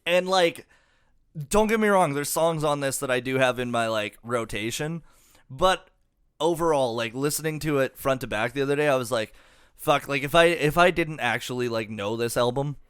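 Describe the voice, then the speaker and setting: A man co-hosts a laid-back comedy album review podcast. His voice is bright and crisp. He rambles loosely, full of fillers and casual swearing. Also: medium pitch, moderate pace. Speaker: podcast co-host.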